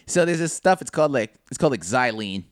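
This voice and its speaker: A young man chatting casually on a podcast, telling work stories in an animated way and swearing freely. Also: mid-range voice, quick pace, no room sound, studio quality. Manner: animated storytelling, heavy swearing. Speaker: podcast co-host. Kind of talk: casual chat.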